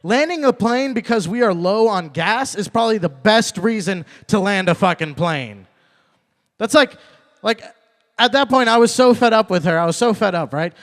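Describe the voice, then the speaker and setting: Young man doing stand-up, slightly high voice. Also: animated, normal speed. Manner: loose storytelling with repeated lines and acted quotes. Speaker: stand-up comedian. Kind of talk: stand-up comedy set. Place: small club open mic.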